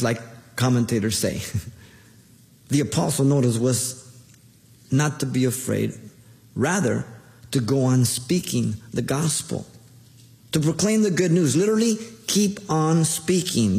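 A man's voice: medium pitch, expressive, normal speed, darkish tone. A man, a pastor, preaching a sermon with emphatic, rising exhortations. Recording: long hall reverb.

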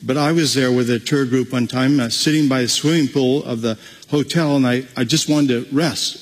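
A man preaching a sermon, telling stories in an animated way and acting out the voices. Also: medium pitch, normal speed, breathy edge, long reverb tail, low-quality recording. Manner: animated storytelling, acts out voices.

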